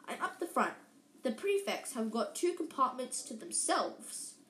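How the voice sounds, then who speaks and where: Woman reader doing a stuffy, self-important teen prefect; high and pompous, in an echoey room. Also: very animated, unhurried, fairly bright tone, heavily acted.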